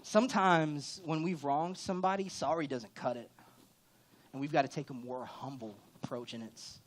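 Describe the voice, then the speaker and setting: A man delivers a church sermon in a frank, conversational tone. His voice sits a little high for a man. He leans into emphatic rises to drive his points home. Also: moderate pace. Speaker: pastor.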